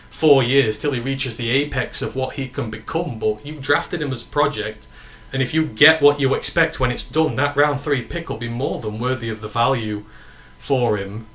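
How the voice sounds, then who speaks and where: Man, northern English accent, bright tone, casual sports chat, rambling, middle pitch. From northern England. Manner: rambling, self-correcting, answers chat questions. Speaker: podcast host. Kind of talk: casual sports chat reading live comments.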